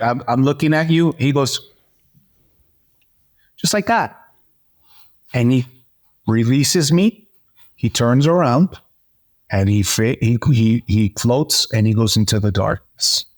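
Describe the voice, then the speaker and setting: A man as an interview guest, telling a personal story in a lively, animated way, with frequent fillers and restarts. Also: mid-range voice. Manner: animated storyteller, acts out dialogue. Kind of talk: personal testimony in conversation.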